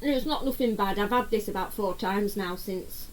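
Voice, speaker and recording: A woman hosting a relaxed live stream from home, chatty and friendly as she greets viewers one by one. She is fighting a cough, and her voice sits at an ordinary middle pitch. A faint hum of room noise sits behind her. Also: normal speed, low-quality recording. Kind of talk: casual live-stream chat.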